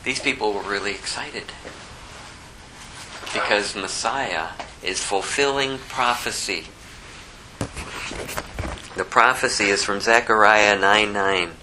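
A man's voice: lowish voice, takes it slowly, pauses often, noisy background. A man preaching a sermon, reading scripture and asking the congregation rhetorical questions in a conversational way. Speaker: pastor.

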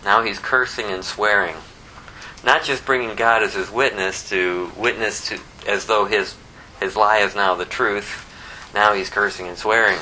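A man preaching a sermon in a conversational, animated way, acting out the lines he quotes. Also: on the low side, a little slow, a little hiss or hum, rough recording. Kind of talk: expository sermon.

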